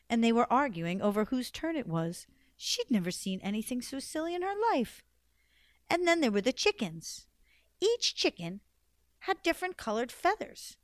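Woman storyteller, folktale, expressive, lively, fairly high voice, dry close sound. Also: no echo. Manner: expressive, lively, varies volume for drama.

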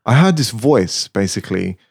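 A man's voice: lowish voice, animated, moderate pace, vocal fry, husky. Laid-back man telling studio stories. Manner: laid-back, anecdotal, laughs often, many fillers. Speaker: music studio engineer, guest. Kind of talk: casual storytelling interview.

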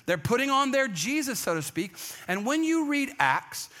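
A pastor delivering a sermon with a high, bright voice. He tells the story casually and with energy, often slipping into quick put-on voices for the people he quotes. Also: sing-song, faint music behind. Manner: conversational, acts out quoted voices.

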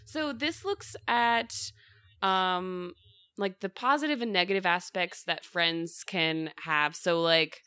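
A woman's voice: on the low side, takes it slowly, sharp tone, clean tone, no echo. A woman hosting a casual chat about a study, talking in a chatty way with many fillers.

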